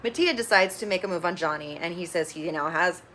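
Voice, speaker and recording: Bright-voiced blunt woman recapping reality TV. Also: on the low side, a little fast, a little hiss or hum. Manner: blunt, opinionated, swears freely; chatty, gossipy storytelling with bursts of excitement. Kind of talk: casual episode recap.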